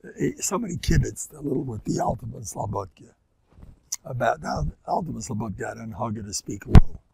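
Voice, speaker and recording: An older man, hoarse, telling stories in an informal Torah class, rambling and swinging from loud bursts to near-whispers. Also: mid-range voice, lively intonation, brisk, background noise. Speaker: rabbi giving a Torah class.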